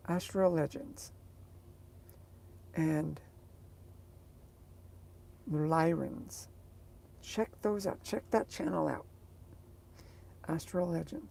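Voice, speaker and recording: A woman's voice: low voice, drawn-out words, vocal fry, long pauses, warm tone. A woman vlogger chatting casually to her viewers, rambling and hesitant as she searches for words.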